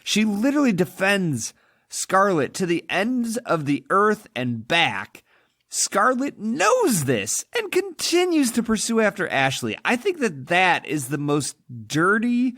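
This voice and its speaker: A man's voice: on the high side, big pitch swings, unhurried, a bit bright, no room sound, studio quality. A man co-hosting a podcast, talking about a film in an emphatic, opinionated way. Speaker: podcast co-host. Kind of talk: casual film discussion.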